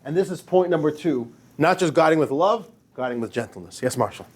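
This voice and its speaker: A man's voice: fairly high pitch, expressive, fairly quick, husky. A man, a rabbi, giving an informal, emphatic lecture to a class, joking with his students.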